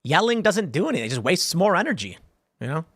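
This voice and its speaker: A man in his thirties talks through a live-stream show in a loose, rambling way, full of restarts and "like"s. His voice sits a little high and moves a lot. The sound is dry and close, with no room around it. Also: very animated, quick pace, a bit bright, breathy edge, dry recording. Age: 30s. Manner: rambling, conversational, with frequent restarts and "like". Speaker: show host. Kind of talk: casual live-stream commentary.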